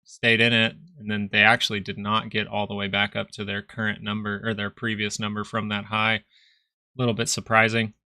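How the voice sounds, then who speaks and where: A man's voice: on the low side, completely flat delivery, fairly quick, pushed and bright, no room sound, clean studio sound. A young man hosting a stock market livestream, chatting casually and loosely while out of breath. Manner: loose, rambling, slangy.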